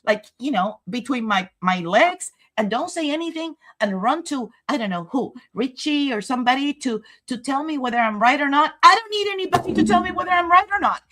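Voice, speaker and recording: A woman's voice: medium pitch, a bit bright. Woman, livestream commentator, emotional, rambling, talks straight to viewers, walks through footage. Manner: narrates video footage step by step.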